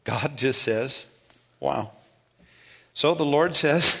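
A man preaching a sermon, retelling scripture with animated storytelling and questions to the congregation. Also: a little high, slow. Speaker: pastor.

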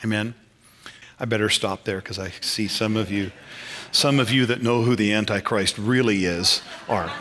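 A man preaching a sermon as pastor in a church, animated, swinging between loud and quiet, with frequent chuckles. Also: fairly low pitch, moderate pace.

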